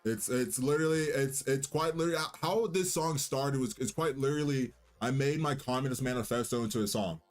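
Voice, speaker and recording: A man's voice: mid-range voice, fairly quick, few pauses. Cocky young man rambling on a livestream. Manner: loose, rambling, cocky banter with restarts. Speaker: livestream host and musician. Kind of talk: casual livestream chat.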